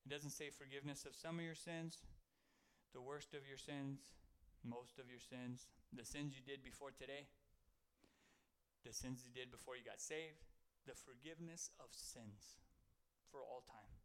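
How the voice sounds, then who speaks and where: A man's voice: medium pitch, a little slow. A man preaching an informal sermon to a congregation, talking in a conversational way, joking, and reading scripture aloud. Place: church service with people present.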